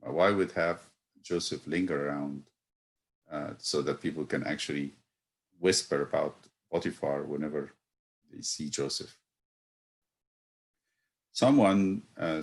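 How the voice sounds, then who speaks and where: Deep-voiced male priest, reflective teacher, halting delivery that rises into emphatic questions. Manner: thoughtful, pausing with fillers, building to emphatic rhetorical questions. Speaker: priest teaching Bible study. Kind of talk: reflective Bible study lesson.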